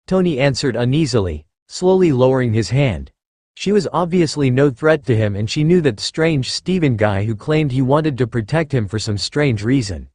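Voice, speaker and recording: A man narrating a fan fiction story in a steady reading voice. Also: mid-range voice, normal speed, no room sound, clean studio sound.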